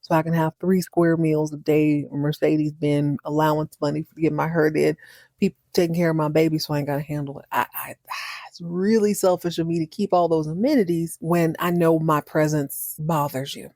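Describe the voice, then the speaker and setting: A woman's voice: low voice, steady tone, normal speed, dark tone, no room sound, clean studio sound. Woman playing a blunt, poised wealthy wife. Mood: resolute.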